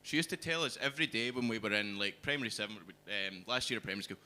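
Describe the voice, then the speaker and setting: A young Scottish man doing a stand-up set in a comedy club, with a dry, deadpan delivery into a stage mic. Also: lowish voice, fast talker. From Scotland.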